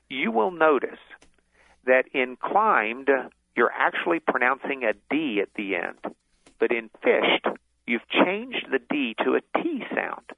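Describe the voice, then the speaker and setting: A man's voice: medium pitch, gravelly, no room sound. Man explaining over a tinny phone line. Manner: explanatory, many restarts. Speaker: author and lawyer, guest. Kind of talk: radio interview.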